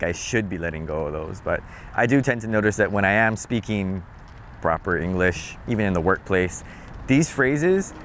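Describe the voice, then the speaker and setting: Relaxed Hawaiian man explaining casually. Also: slight background noise. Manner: relaxed, chatty, demonstrates phrases with playful low tones. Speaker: vlogger.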